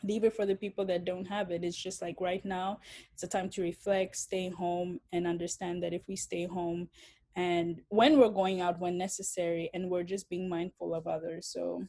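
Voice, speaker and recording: A woman's voice: on the low side, flat delivery, moderate pace, mellow. A young woman from Africa, speaking bluntly and swearing freely in a casual interview.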